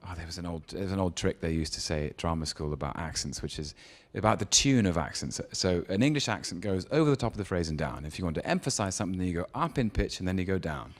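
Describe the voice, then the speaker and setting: A man's voice: sits low, animated, fast talker, hardly any pauses. A man, an actor being interviewed, telling stories and giving advice in a thoughtful, hesitant way with frequent ums and easy laughter. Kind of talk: relaxed anecdote and advice in an on-stage interview.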